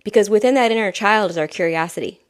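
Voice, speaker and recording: A woman who is an intuitive healer, giving a soft, rambling spiritual reading with frequent laughs. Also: medium pitch, quick pace. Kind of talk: casual spiritual guidance talk.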